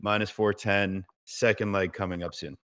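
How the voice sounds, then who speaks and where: A man chats easily as a podcast guest, unhurried and relaxed. His voice sits a bit low, and the audio sounds dull and lo-fi. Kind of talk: casual sports betting chat.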